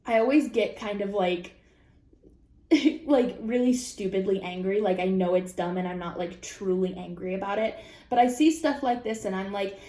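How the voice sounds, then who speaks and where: Reacting to posts from the internet, a young female vlogger swears and gets animated in casual chat, now and then erupting in sudden shrill bursts. Her pace is normal and the recording has a roomy quality.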